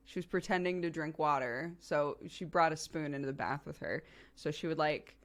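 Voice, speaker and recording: A young woman streamer in casual chat, relaxed and giggly, rambling with lots of fillers. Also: low-pitched, normal speed.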